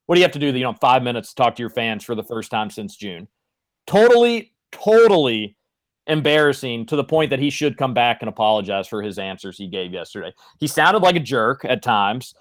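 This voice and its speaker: A man's voice: medium pitch, lively intonation, quick pace, hardly any pauses, a bit bright. A man co-hosting a sports radio show, ranting in an exasperated way.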